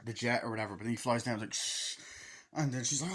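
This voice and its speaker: A young man retelling a movie's scenes in a casual, swear-filled way, acting out lines in a higher voice. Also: brisk, fairly bright tone. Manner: swears a lot, acts out film quotes in a higher voice. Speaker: movie reviewer. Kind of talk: casual film recap.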